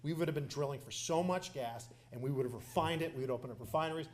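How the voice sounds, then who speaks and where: A man's voice: a little high, fast, natural voice. A man doing an impression of a brash former male president who speaks in boastful, repetitive superlatives.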